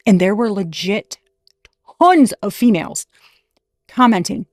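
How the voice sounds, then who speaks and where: A woman's voice: mid-range voice, normal speed, long pauses, darkish tone, dry recording, studio quality. A woman giving a casual tarot reading, talking frankly and emphatically and swearing now and then. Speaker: tarot reader.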